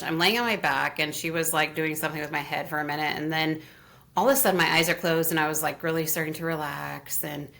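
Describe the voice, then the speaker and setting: A woman guest in an interview, telling a long personal story in a casual, animated way with frequent laughs. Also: sits low, creaky. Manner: animated, laughs often, acts out what others said. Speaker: interview guest, Reiki teacher.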